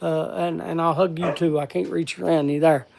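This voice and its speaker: A man hosting a casual live stream, thanking viewers in a halting, repetitive, heartfelt way. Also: fairly high pitch, level tone, creaky, noisy background. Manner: halting and repetitive, stumbling over words. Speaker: livestream host.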